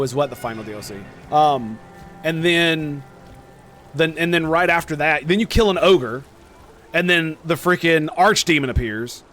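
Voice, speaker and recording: A man giving casual, profane gameplay commentary that runs on from thought to thought. His voice sits somewhat high for a man. Faint background noise runs under it. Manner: excited, profane and rambling. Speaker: gaming streamer.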